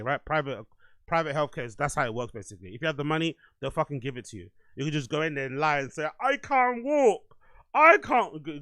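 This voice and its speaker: A man's voice: a little high, fairly bright tone, no room sound. Swearing, rambling man hosting. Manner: rambling, playful, swears often. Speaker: podcast host. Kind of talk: casual solo monologue.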